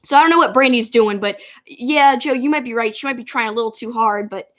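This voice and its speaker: A woman with a voice sitting a little high for her sex co-hosts a casual review show. She talks in an animated, chatty way and often drifts into side tangents before circling back. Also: brisk. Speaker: wrestling show co-host.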